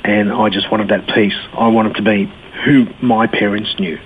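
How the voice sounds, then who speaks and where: A man's voice: lowish voice, level tone, normal speed. A man giving a candid personal testimony as an interview guest, telling his story in a blokey way with frequent restarts. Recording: tinny phone-like line with faint hiss.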